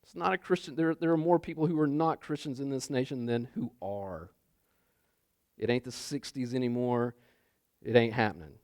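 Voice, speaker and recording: A man's voice: mid-range voice, normal speed, a little mellow, no echo, clean studio sound. A man preaching a sermon in a loose, conversational way, repeating phrases and checking in with his listeners. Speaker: pastor.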